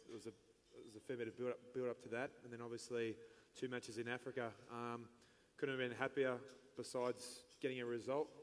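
A man speaking in a flat, understated tone, his pitch barely rising or falling. he answers hesitantly, and a long reverb trails his voice through a large hall. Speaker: retiring team captain. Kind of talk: on-stage interview answers.

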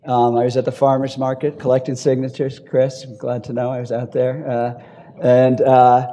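A man speaking on a panel discussion in a hotel ballroom, an animated storyteller with quick asides and chuckles. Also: medium pitch. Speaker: panelist, advocacy group leader.

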